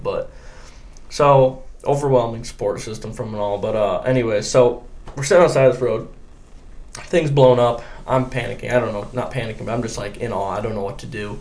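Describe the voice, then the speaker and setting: A man's voice: medium pitch, a little fast. A young man from Michigan telling a story in a casual podcast chat, acting out the quotes of other people. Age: young adult. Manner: animated storyteller, acts out quotes. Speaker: guest angler.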